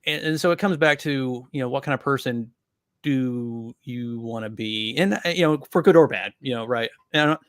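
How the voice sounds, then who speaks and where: Man, podcast co-host, rambling, lots of fillers, mid pitch, dry sound. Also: normal speed, no room sound. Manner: rambling, many fillers, trailing off. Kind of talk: casual podcast discussion.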